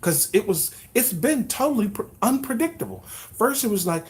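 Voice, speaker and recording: Male livestream host, casual chat, animated, mock-newscaster bits. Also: high-pitched, moderate pace. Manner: animated, playfully mimics news announcements.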